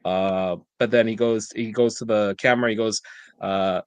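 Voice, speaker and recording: A man's voice: fairly low pitch, steady tone, normal speed, clear, resonant tone, no echo. A man co-hosting a podcast, telling a casual storytelling recap of a wrestling show. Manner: storytelling recap, reads quoted lines aloud. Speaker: podcast co-host.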